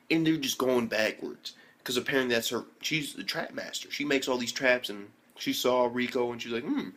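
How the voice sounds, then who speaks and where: A young man recapping an anime episode in casual slang, excitable and full of swearing and fillers. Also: mid-range voice. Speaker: anime reviewer.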